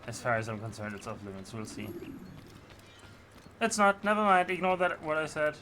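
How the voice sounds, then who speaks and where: A man's voice: on the high side, normal speed, sharp tone, a little hiss or hum. A man streaming a video game, rambling in passionate, opinionated casual commentary. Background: game music.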